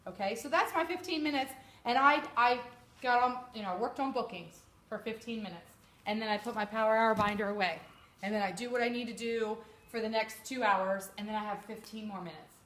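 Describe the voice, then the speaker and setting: A woman giving a chatty, animated sales training talk to a live group, sometimes acting out customers' voices. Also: on the high side, fairly quick. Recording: echoey room with background noise.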